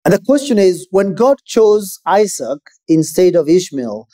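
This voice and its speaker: A man preaching a sermon in a measured, emphatic way with pauses. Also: high-pitched, very animated, dark tone.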